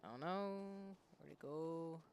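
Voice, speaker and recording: Over faint background music, a thirty-something streamer offers chatty commentary on a game and answers back to the characters. Their medium-pitched voice is slow, darkish and marked by vocal fry, with slight background noise.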